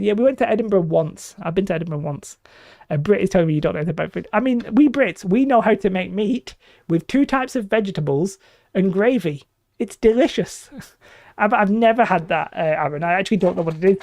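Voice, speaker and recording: Gravelly-voiced Lancashire man chatting on stream. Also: sits high, darkish tone, no room sound, clean studio sound. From northwest England. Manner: chatty, jokey, reading out chat comments. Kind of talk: casual live-stream chat with viewers. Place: small room at home. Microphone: desk microphone.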